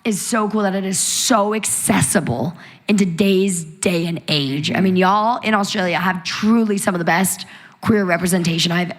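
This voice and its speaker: A young American woman talking as a guest in a live onstage conversation, bubbly and animated with lots of laughter. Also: on the low side, moderate pace. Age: young adult.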